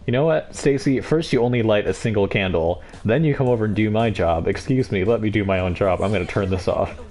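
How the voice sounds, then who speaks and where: A man's voice: fairly low pitch, a little fast, a little mellow. A man streaming a game live, giving sarcastic, mocking commentary on what he sees.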